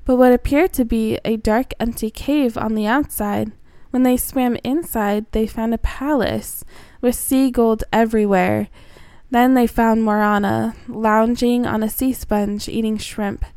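A woman reading aloud a homemade children's story in a gentle, earnest storybook manner. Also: a little high, fairly even intonation, measured pace, clean tone, no echo.

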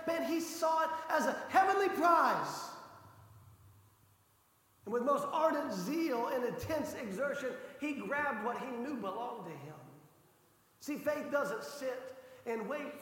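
A pastor preaching a passionate sermon, his voice rising to shouts for emphasis. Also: extremely high pitch. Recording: echoey hall reverb.

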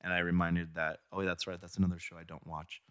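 A young man with a bright, forceful voice rambles through a loose podcast chat, swearing freely and joking as he goes. The recording is close and dry, with no room sound. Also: deep voice, little pitch movement, fast talker, no echo. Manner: profane, rambling, jokey. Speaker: podcast co-host. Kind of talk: casual chat.

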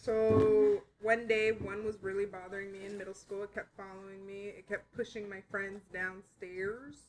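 A woman in casual podcast chat, earnestly telling a personal story at an unhurried pace. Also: medium pitch, level tone, very noisy.

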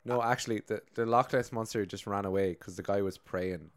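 A man's voice: fairly low pitch, a little fast, no echo. A man co-hosting a podcast, chatting casually and joking, swearing often and jumping into comic bits. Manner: animated, swears a lot, jumps into bits with put-on voices. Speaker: podcast co-host. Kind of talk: casual comedic chat.

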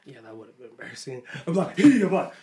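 A young man hosting a podcast, telling a story in a lively, casual way and laughing often. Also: mid-range voice, quick pace. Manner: animated, laughs often while telling stories. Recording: echoey room with faint noise.

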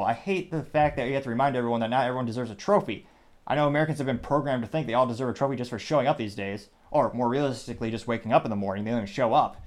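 A man's voice: mid-range voice, darkish tone. Sarcastic man hosting a commentary show. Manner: sarcastic, dismissive, rambling with restarts. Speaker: podcast host. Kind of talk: opinionated commentary monologue.

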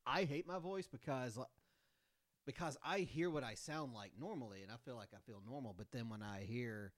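Regular-pitched guy cohosting a sports podcast, dry jokes, cusses, dry close mic. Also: normal speed, no echo. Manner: wry, profane, self-deprecating. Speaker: podcast co-host. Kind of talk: casual podcast chat.

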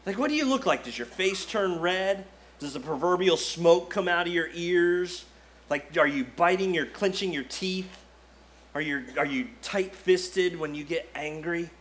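A male pastor delivering a sermon in a lively, conversational way, often saying "like" and acting out the quotes he reads. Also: sits high, a little slow.

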